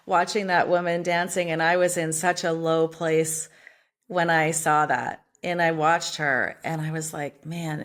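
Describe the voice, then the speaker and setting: A woman's voice: deep voice, a bit bright. A woman author speaking as a podcast guest in a passionate, emphatic, motivational way, casually swearing. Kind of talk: motivational interview talk.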